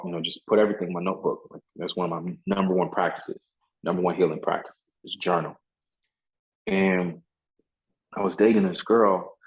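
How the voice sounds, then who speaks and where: A man, a podcast guest and motivational speaker, telling stories in a casual interview. He is earnest, repeats his words and often says "you know". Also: low voice. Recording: dull lo-fi sound.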